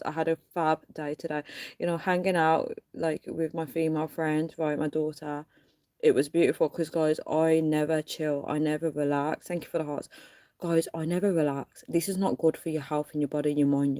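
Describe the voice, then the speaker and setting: A woman's voice: low-pitched, flat delivery, fairly quick, warm tone. A woman hosting a casual phone livestream, chatting to viewers she keeps calling guys and laughing often. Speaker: livestream host.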